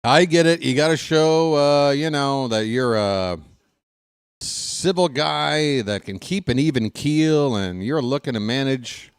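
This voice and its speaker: A man's voice: medium pitch, measured pace, smooth, no echo. A man ranting sarcastically and with exasperation as a fan commentator, in casual live baseball talk on a close desk mic.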